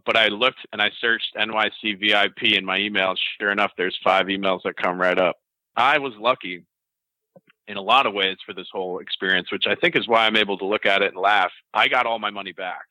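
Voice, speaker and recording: A man telling an interviewer a story in a casual, animated way, laughing at himself. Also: fairly low pitch, fairly quick, no echo, poor audio. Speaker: interview guest.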